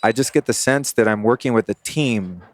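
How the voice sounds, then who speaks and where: A man's voice: mid-range voice, moderate pace, no echo. Man musing in casual chat. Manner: musing, searching for words, laughs between thoughts. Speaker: podcast host. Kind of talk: casual reflective conversation.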